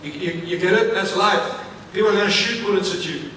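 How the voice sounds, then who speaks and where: A man from Africa giving an energetic live keynote speech on stage, repeating phrases and putting questions to the audience. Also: high voice, brisk, slight background noise. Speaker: motivational speaker. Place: large event venue, on stage. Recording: echoey hall, mic at a distance, faint ambience.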